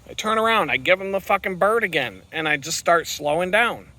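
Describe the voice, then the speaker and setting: Forceful, profane man ranting on a bike ride. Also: sits high, expressive, brisk, no echo. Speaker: vlogger. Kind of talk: rambling vlog while riding. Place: outdoors on a bicycle on the road.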